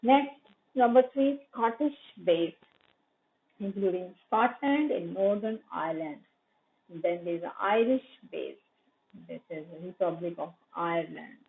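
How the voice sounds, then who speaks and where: A woman's voice: on the low side, a little slow, gravelly. A woman from Pakistan with a Pakistani English accent, giving a recorded university lecture, explaining terms, repeating them and correcting herself with fillers. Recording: tinny phone-like audio.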